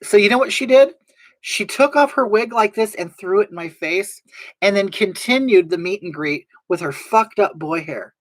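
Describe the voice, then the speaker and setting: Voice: lively intonation, moderate pace, no room sound, low-quality recording. A drag performer hosting a casual livestream, reading viewer comments aloud and telling blunt backstage gossip. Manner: gossipy, blunt storytelling with big swings in pitch.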